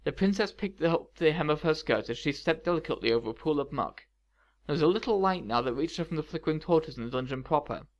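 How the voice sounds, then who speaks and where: A man's voice: a little high, highs cut off. Man narrating a storybook reading. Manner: steady, measured storytelling. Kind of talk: audiobook reading of fan fiction.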